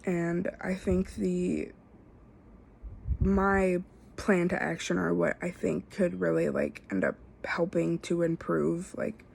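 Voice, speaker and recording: A young woman, a student, talking through a self-assessment in a halting way, full of fillers and restarts. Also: fairly low pitch, steady tone, creaky, darkish tone, slight background noise. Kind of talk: casual spoken self-assessment.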